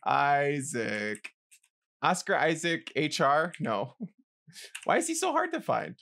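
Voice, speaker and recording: A man co-hosting a casual podcast, excitable and jumpy, swinging from mumbles to yelps. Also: fairly high pitch, slow pace, gravelly. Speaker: podcast co-host. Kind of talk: casual chat.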